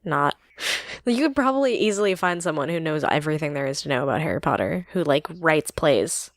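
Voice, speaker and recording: A woman co-hosting a podcast, chatting in a relaxed, agreeable way and laughing easily. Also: deep voice, quick pace, no echo, clean studio sound. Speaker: podcast co-host. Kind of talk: casual chat.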